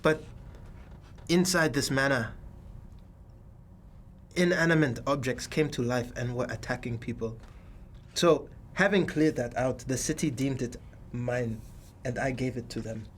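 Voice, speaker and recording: A man's voice: medium pitch, measured pace, long pauses, slight background noise. A man in a tabletop role-play speaking in character, stiff and formal with a cool, detached manner. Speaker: player.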